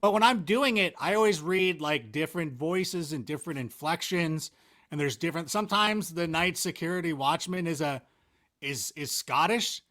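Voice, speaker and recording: A man talking as a guest in a casual interview, animated, rambling and self-mocking. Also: on the high side, moderate pace. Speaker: interview guest, NFL analyst.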